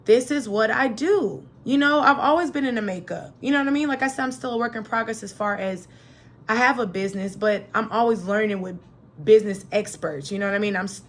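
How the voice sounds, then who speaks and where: A young adult woman hosting a solo motivational podcast in a chatty, animated manner. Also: mid-range voice, a little hiss or hum. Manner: lively, chatty, animated, acts out quoted voices. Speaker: podcast host.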